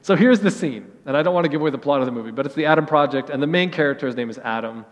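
A middle-aged man, preaching a sermon in earnest storytelling fashion, dropping soft at key phrases. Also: on the high side, rapid-fire, big-room sound. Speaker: pastor.

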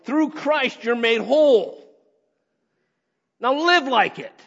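Man, pastor, sermon, high lively voice, long hall reverb, dull lo-fi sound. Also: vocal fry. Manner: animated preaching, rising on emphasis and dropping to quick asides.

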